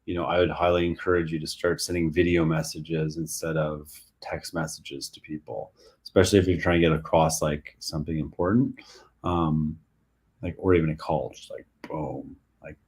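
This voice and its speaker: Husky low-voiced man in loose chat. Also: flat delivery, moderate pace, darkish tone. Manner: loose and rambling, heavy on "like" and "you know". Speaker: podcast host. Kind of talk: casual conversation.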